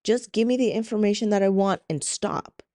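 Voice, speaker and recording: A woman's voice: medium pitch, normal speed, dark tone, dry recording, clean studio sound. A middle-aged woman hosting a solo podcast, talking candidly and with exasperation, swearing freely as she vents. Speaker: podcast host. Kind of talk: casual solo podcast monologue.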